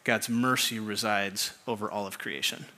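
A pastor preaching a sermon to a congregation in a relaxed, conversational way, asking many rhetorical questions. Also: male voice, lowish voice, normal speed.

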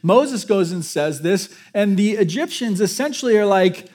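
A man's voice: high voice, animated, normal speed, darkish tone. A man preaching a sermon to his congregation in a conversational way, joking with them and restarting his sentences. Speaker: pastor.

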